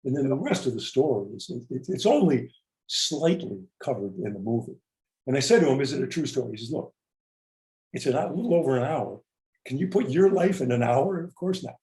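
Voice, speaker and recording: A man's voice: medium pitch, very animated, fairly quick, a little mellow, echoey room, poor audio. A man hosting an interview in a reflective way, retelling stories and quoting people as he asks questions. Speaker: podcast host. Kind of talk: conversational interview.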